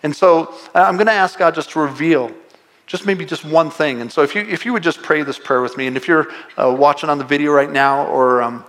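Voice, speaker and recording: A man's voice: a little high, brisk, a bit bright. A male pastor preaching a sermon to a live congregation, earnest and pleading, often repeating words and asking rhetorical questions.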